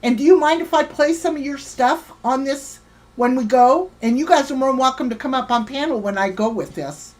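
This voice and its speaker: A woman's voice: sits high, fairly quick. A woman hosting a livestream, ranting heatedly and swearing while greeting viewers in her chat by name. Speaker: livestream host.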